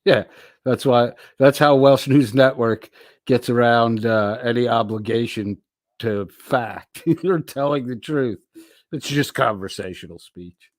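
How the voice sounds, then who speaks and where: A man's voice: medium pitch, dry recording, clean studio sound. A middle-aged man hosting a casual livestream, reading out chat messages and answering them with loose, profane banter. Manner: slow, drawling, profane banter.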